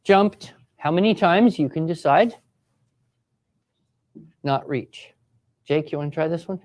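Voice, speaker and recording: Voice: medium pitch, unhurried, a little mellow. A writing teacher leading a live classroom workshop, encouraging students and giving step-by-step directions. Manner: acts out sample voices for students.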